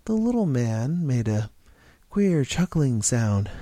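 A man reading a story aloud in steady, expressive narration. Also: mid-range voice, slow, dry recording. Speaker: story reader.

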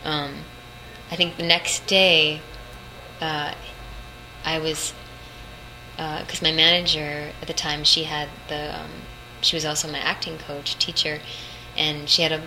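A woman's voice: low voice, level tone, a little slow, pauses often, bright, forceful tone. Young female voice actress, rambling interview chat, noisy background hum. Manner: chatty, rambling, laughs often. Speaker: voice actress guest. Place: hotel room at a convention. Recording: noisy room ambience.

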